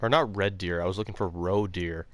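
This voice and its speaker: A man's voice: sits low, steady tone, fairly quick, fairly bright tone. A young man streaming a hunting game, chatting in a rambling, blunt and profane way. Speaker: gaming live streamer. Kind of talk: casual live-stream chat.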